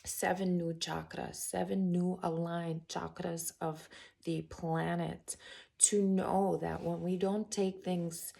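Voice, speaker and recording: A woman's voice: lowish voice, level tone, takes it slowly, gravelly, mellow. A woman giving a casual, enthusiastic tarot reading and spiritual chat, talking straight to her viewers. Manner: chatty and enthusiastic, addressing viewers as guys; drops to a whisper while turning cards. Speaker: tarot reader and spiritual coach.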